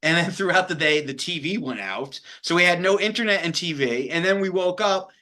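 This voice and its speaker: Male podcast host, bright and animated, sarcastic joking rants. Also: sits high, brisk. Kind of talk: casual chat.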